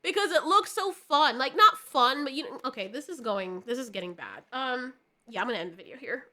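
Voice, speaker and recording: High, bright-voiced woman chatting bluntly. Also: animated, brisk. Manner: rambling, blunt, laughs between thoughts. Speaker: video host. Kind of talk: candid casual chat.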